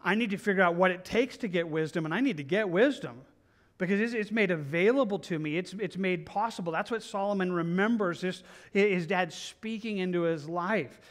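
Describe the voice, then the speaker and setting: A man's voice: high voice, a little fast, hardly any pauses. Earnest man teaching scripture. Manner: earnest, repetitive, conversational with many restarts. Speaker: pastor. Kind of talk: verse-by-verse Bible teaching.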